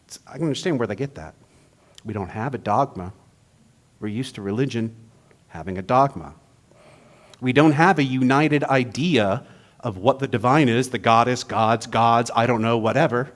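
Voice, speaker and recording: A man's voice: mid-range voice, normal speed. A man giving a humorous sermon, telling jokes in a playful, storytelling manner. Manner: playful, joke-telling, then reflective.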